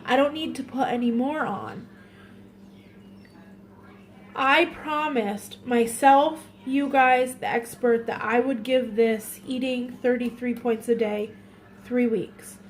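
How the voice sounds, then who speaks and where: Woman, tearful, confessional vlog, halting and repetitive, higher voice, very slow pace. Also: steady tone, slight background noise. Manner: emotional, halting, repeating herself. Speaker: vlogger.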